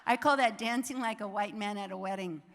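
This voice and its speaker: Energetic older woman exhorting a hall. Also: medium pitch, fairly quick. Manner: energetic, exhorting, laughs often. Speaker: author and inspirational speaker. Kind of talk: live motivational talk to an audience. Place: large hall with live audience. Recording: reverberant hall sound.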